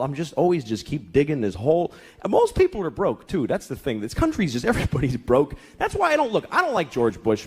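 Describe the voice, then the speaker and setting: Profane stand-up comic with a lively pitch. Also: male voice, slightly rough. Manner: profane, exasperated storytelling with acted-out voices. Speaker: stand-up comedian. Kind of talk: stand-up comedy routine. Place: comedy club stage. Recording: live club recording with crowd laughter and noise. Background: audience laughing.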